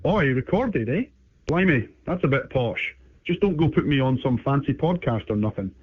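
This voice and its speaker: A man's voice: mid-range voice, animated, normal speed, slightly rough, no echo. AI man voicing a cheeky British bulldog on the phone. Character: cheeky male British bulldog, chatty old-timer. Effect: phone line. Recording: tinny phone line.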